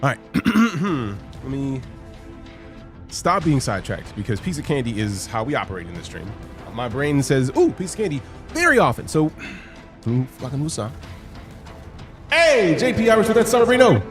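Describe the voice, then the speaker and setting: Male game streamer, mid pitch, very lively intonation, swears freely, faint music underneath. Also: moderate pace. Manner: excitable, swears freely, greets chat by name. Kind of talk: casual live-stream chat.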